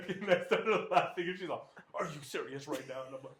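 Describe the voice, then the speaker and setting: A man's voice: on the high side, brisk, fairly bright tone, reverberant. A man co-hosting a casual podcast among brothers, asking the questions and laughing through his stories. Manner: laughs while telling stories. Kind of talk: casual chat.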